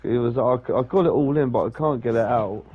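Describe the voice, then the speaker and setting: A man's voice: medium pitch, fairly quick, slightly rough. A young man telling a rambling story in casual chat, swearing often. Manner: swears a lot, rambles with restarts. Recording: dull lo-fi sound.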